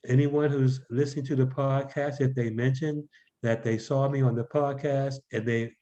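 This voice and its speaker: A man from Baltimore, a numerologist guest on a podcast, speaking in a measured way. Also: mid-range voice, warm tone. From Baltimore, Maryland. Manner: measured, spells out web addresses slowly. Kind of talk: podcast interview. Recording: dull lo-fi audio.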